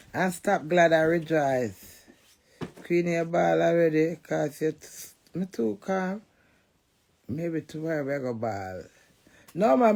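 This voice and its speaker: Brash, gravelly Jamaican woman ranting. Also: fairly low pitch. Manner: brash, swearing, fiery. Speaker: social media personality. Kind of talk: ranting monologue.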